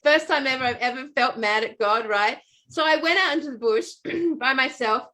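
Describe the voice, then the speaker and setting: A woman talks with a slightly high voice in casual conversation. She tells stories in an animated, rambling way, full of fillers and restarts. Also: normal speed. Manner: animated storytelling with many fillers. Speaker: podcast co-host. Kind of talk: casual chat.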